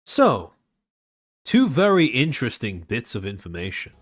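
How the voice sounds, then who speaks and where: A man's voice: mid-range voice, wildly swooping pitch, measured pace, no echo, clean studio sound, soft background music. A man with an Australian accent, hosting a live stream and giving sardonic, rambling commentary. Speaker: streamer host.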